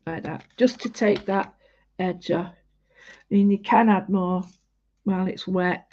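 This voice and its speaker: A woman giving a casual painting demonstration, chatty and halting with many fillers as she talks through each step. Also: medium pitch, steady tone, a little mellow. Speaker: art tutorial host. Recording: dull lo-fi home recording.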